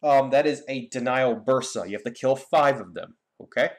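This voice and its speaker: A man's voice: mid-range voice, normal speed. A young man giving a casual, rambling game guide with many fillers and restarts. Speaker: gaming YouTuber.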